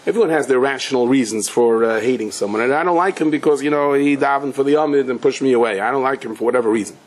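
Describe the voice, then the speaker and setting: A man teaching a Torah class as a rabbi, telling stories in a conversational way and scattering Hebrew and Yiddish terms through his English, his pitch climbing when he presses a point. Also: fast, low-quality recording. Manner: conversational storyteller, rises in pitch when driving a point home.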